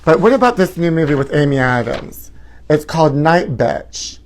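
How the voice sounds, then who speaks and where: A man's voice: on the high side, expressive, moderate pace. A man in his forties hosting a live gossip talk show, flamboyant and sassy, calling his viewers honey. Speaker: host.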